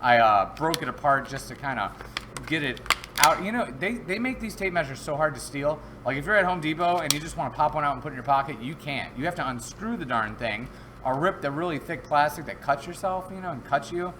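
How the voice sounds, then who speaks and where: A man's voice: fairly high pitch, lively intonation, a little fast, noisy background. A man hosting a casual live-stream product review from home, chatty and rambling, with easy jokes. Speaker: host.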